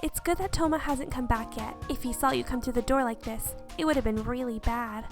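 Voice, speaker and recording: A woman's voice: on the high side, brisk, over music. A woman hosting a gameplay video, reading a game aloud and reacting expressively. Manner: expressive, reacting with gasps and exclamations.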